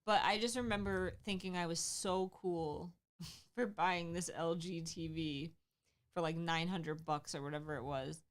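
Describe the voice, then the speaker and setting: A woman's voice: on the low side, steady tone, measured pace. A woman co-hosting a casual livestream, chatting candidly and laughing lightly as she talks. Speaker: livestream co-host.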